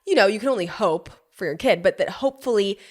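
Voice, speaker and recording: A pregnant young woman hosting a podcast, telling a personal story in a casual, animated way, laughing often and swearing freely. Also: mid-range voice, fast. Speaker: podcast host.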